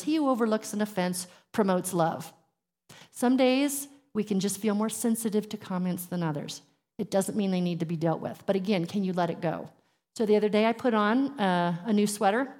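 A woman's voice: mid-range voice, a little mellow. A middle-aged woman teaching a women's group in an earnest, candid way, acting out little dialogues as she goes. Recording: long hall reverb.

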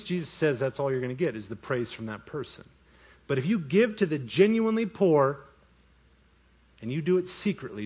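A man preaching a sermon as pastor, breaking into voiced asides and mock inner monologues. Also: fairly high pitch.

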